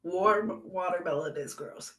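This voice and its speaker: A co-host whines in a playful, overdramatic way during casual comedy banter. The voice sits at a middle pitch. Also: measured pace, a bit bright. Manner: dramatic, playful complaining. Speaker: podcast co-host.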